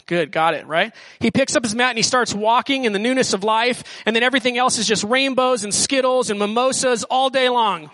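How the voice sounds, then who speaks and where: A man's voice: extremely high pitch, brisk, few pauses, a bit bright, no echo. A man preaching as a student pastor in a casual, slangy style, often acting out what people in the story say. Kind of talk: sermon.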